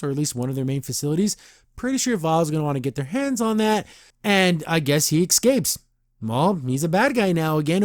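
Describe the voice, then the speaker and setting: A man's voice: a little high, a little mellow, no room sound, clean studio sound. A man hosting a podcast, casually recapping a cartoon episode in a rambling, chatty way and briefly mimicking the characters.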